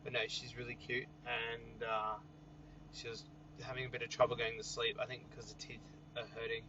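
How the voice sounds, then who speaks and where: A young Australian man hosts a casual night-time livestream outdoors, reading viewer comments and joking easily; he's easygoing and chuckles often. His mid-range voice shows little pitch movement and moves fairly quickly. The audio is dull, with background noise.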